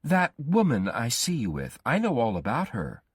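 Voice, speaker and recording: A menacing, obsessive young man who pleads and threatens by turns, his voice pushed up high and strained, as a male storyteller puts him on. The voice swoops widely and keeps a husky edge. It is read in a dry storybook narration. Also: huge pitch swings, normal speed, no echo, exaggerated voice. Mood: insistent. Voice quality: raised, strained pitch.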